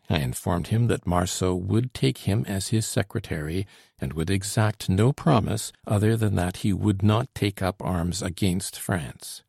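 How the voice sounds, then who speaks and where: Low gravelly male audiobook narrator. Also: dry recording, clean studio sound. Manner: measured, steady reading of period prose. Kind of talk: scripted narration.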